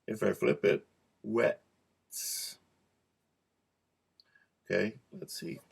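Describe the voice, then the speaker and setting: A man teaching a cueing lesson, repeating practice words slowly and joking softly as he goes. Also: fairly low pitch, flat delivery. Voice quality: gravelly. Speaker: cueing instructor. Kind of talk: relaxed teaching to camera.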